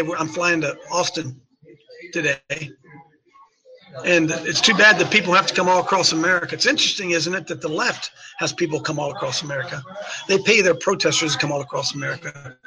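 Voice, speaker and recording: A man's voice: a little high, rough recording. A man hosting an opinionated talk show, emphatic, repeating his points and firing off rhetorical questions at his listeners. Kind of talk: opinionated talk radio commentary.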